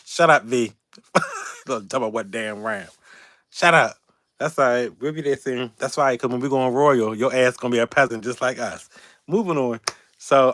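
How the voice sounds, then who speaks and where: On a casual storytelling livestream, a YouTube channel host from Baltimore, Maryland tells stories in an animated way, laughing and cussing. His voice sits at medium pitch, and the recording is dry and close as he quotes other people in raised voices.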